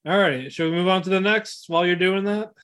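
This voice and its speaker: A man with a high, ringing, bright voice chatting on an anime podcast. He swears freely, laughs a lot and trips over his own restarts. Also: fairly quick. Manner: profane, laughing, rambling with restarts. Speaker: podcast co-host. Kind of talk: casual anime podcast chat.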